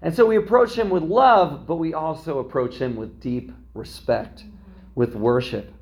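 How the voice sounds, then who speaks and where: Brief: male pastor, a parent, preaching in a relaxed talky style, tags lines with "right?", voice a touch higher than most men. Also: moderate pace. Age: young adult to middle-aged, a parent. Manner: conversational preaching, frequent "right?" asides. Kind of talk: sermon.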